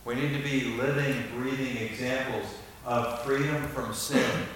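An older man preaching a sermon as pastor, emphatic, moving between quiet, low stretches and loud stressed lines. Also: steady tone, unhurried. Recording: echoey hall from far off, faint hiss.

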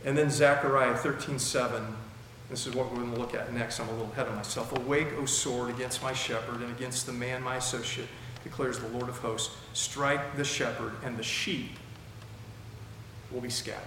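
Recorded in a large, highly echoing church hall with faint noise, a male pastor preaches an expository sermon one verse at a time. His medium-pitched voice keeps a fairly even intonation and normal speed. He sounds conversational and regularly asks rhetorical questions.

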